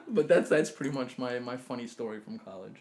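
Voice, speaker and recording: A young man telling a college story in a casual chat, animated and swearing freely. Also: mid-range voice, brisk. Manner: animated, swears freely, acts out quotes loudly. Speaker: podcast co-host.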